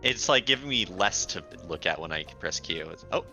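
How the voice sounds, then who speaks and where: Very low, bright-toned male player. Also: lively intonation, moderate pace, faint music behind. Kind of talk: casual chat at a tabletop game.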